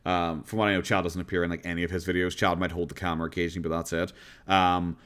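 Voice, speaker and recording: A man's voice: low voice, flat delivery, very fast, fairly bright tone, clean tone. Irish male streamer, easygoing and rambling, casual reaction-stream chat.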